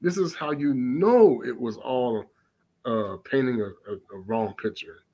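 Man preaching on scripture, mid-pitched voice, reads archaic verses slowly and comments emphatically with constant rhetorical questions. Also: mellow, low-quality recording. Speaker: religious teacher.

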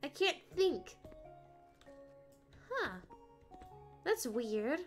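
A woman's voice: high-pitched, big pitch swings, very slow, soft background music. A woman streamer chatting playfully and rambling as she plays, often singing little ditties to herself. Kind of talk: casual gameplay chat.

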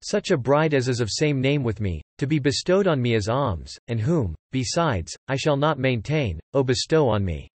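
A man's voice: medium pitch, big pitch swings, normal speed, hardly any pauses, no room sound. A man voicing a remorseful male ascetic sage in a read-aloud epic, speaking in solemn archaic phrasing. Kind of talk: scripted epic narration.

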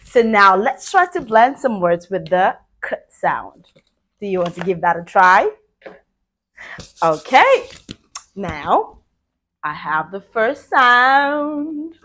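Lively sing-song woman teaching phonics. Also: medium pitch. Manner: cheerful, sing-song praise to young learners; slow, drawn-out letter sounds. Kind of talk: children's phonics lesson.

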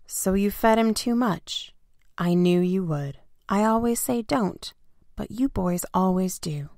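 A woman's voice: mid-range voice, slow pace, a little mellow, no room sound. A woman voicing an old shopkeeper, weary and knowing, in a storybook reading. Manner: dry, told-you-so tone. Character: old male fish-shop keeper, knowing and weary.

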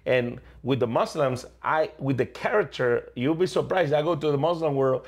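A man's voice: medium pitch, normal speed, slightly rough. A man who is an evangelist clown, a guest in an interview, telling stories with energy and acting out what people said, with frequent restarts. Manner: energetic, repeats and restarts, acts out quotes. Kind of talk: animated storytelling interview.

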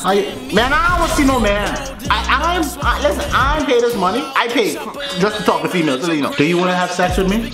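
A man's voice: high voice, animated, fairly quick. A man trolling strangers on a video chat app in a mocking, brash broken-English voice. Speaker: prank YouTuber. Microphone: phone or webcam on a video chat. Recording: echoey room with music behind.

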